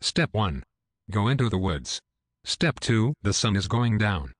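A text-to-speech program voicing a plain male narrator with flat, even, machine-read delivery. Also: lowish voice, measured pace, dry recording, clean studio sound.

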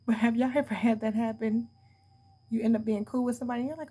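A woman's voice: fairly high pitch, steady tone, quick pace, dark tone, breathy edge. A young adult woman giving a casual tarot reading to her viewers, blunt and profane, laughing often as she talks. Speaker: tarot card reader.

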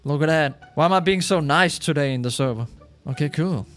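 A man giving casual, excitable commentary as a gaming YouTuber, chatty and laughing often. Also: a little high, fairly quick, soft background music.

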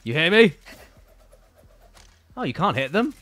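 A man's voice: on the high side, very animated, measured pace, a bit bright. A man giving casual, playful, teasing commentary while streaming a video game.

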